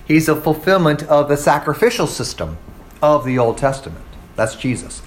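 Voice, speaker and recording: A man giving a relaxed Bible lesson, talking conversationally and pausing to check in with his class. His voice sits a little high for a man. Faint background noise lies under his speech. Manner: conversational, checks in with "okay?" and "right?". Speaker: Bible teacher. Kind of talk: casual classroom lecture.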